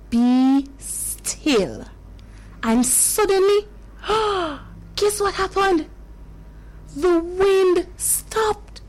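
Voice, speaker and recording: A woman's voice: high voice, sing-song, a little hiss or hum, rough recording. A woman telling a Bible story to children in a dramatic way, gasping and exclaiming as she goes. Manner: slow and drawn out.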